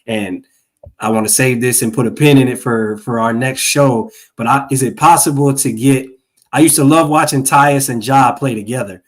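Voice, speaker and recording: A man's voice: mid-range voice, moderate pace. A man from Minneapolis co-hosting a podcast, chatting about sports in a laid-back, playful way. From Minneapolis, USA. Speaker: podcast co-host. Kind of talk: casual sports talk.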